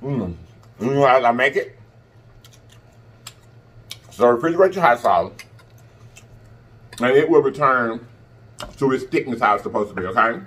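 A man's voice: medium pitch, lively intonation, measured pace, pauses often, a bit bright, slightly rough. A man vlogger talking casually to camera, chatty and repeating himself for emphasis. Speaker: mukbang vlogger.

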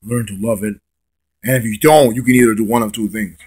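A hoarse young man rants bluntly as a wrestling fan vlogger, stammering and repeating words, with some swearing. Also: fairly low pitch, fairly even intonation, fairly quick, a little mellow. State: hoarse, lost his voice. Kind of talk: casual ranting monologue.

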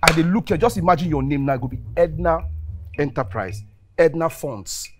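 A man's voice: fairly high pitch, normal speed, close to an everyday voice. A man playing an eager broke young Nigerian man. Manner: pidgin, pleading and boastful. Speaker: boyfriend in a film. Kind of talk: film drama acting.

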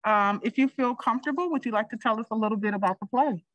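A woman's voice: fairly high pitch, quick pace, no echo. Dry-sounding woman at a virtual meeting. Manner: warm, appreciative, with frequent fillers. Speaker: school district administrator presenting. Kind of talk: virtual board meeting remarks.

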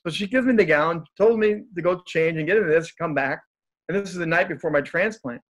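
A man's voice: fairly high pitch, fairly quick, fairly bright tone. A man who is a guest speaker, telling stories in a casual, upbeat and joking way. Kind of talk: casual storytelling in conversation.

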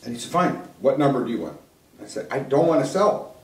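A man's voice: medium pitch, animated, brisk. Older man telling a story in an echoey room. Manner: conversational, acts out quoted dialogue. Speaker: keynote speaker. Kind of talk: storytelling talk. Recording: echoey room, voice from some distance.

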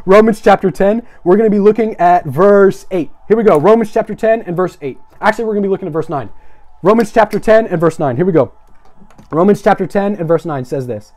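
A young man preaching an energetic live-streamed sermon, asking viewers to repeat phrases after him. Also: high voice, fast talker.

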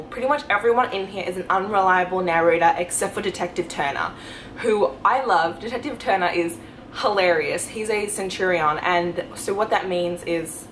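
A young woman talking casually in a reading vlog at home, excited and rambling, gushing with lots of fillers. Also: fairly low pitch, a little hiss or hum, rough recording. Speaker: book vlogger.

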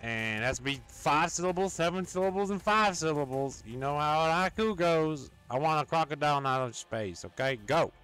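A man's voice: a little high, animated, moderate pace, hardly any pauses, a bit bright, clean tone, soft background music. A man live-streaming, chatting casually and playfully goading a chatbot. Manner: playful, goofing around with a chatbot.

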